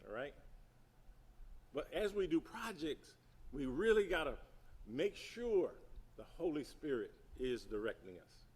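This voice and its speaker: A man's voice: fairly high pitch, sing-song, unhurried, pauses often, a little mellow, slightly rough. A middle-aged man giving an emphatic teaching talk at a seminary gathering, repeating key points and asking the audience questions. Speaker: speaker at a seminary symposium. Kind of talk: teaching talk on church projects.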